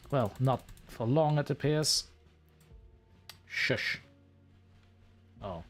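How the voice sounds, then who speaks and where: A man's voice: medium pitch, lively intonation, takes it slowly, pauses often, faint music behind. A man hosting a let's play, joking and sarcastic as he talks to the creatures in the game. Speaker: gaming channel host.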